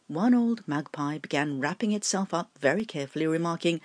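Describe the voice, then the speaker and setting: A woman narrating a storybook in an expressive, gently animated way. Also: sits low, a little fast, hardly any pauses, no echo.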